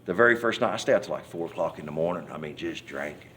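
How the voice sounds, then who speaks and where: A man's voice: sits low, fast, a little hiss or hum. A man giving a personal testimony in an interview, telling his story in a folksy, rambling way and acting out the scenes as he goes. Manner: animated storyteller, acts out scenes and hollers quoted cries; folksy, rambling speech with many restarts. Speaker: church member giving testimony.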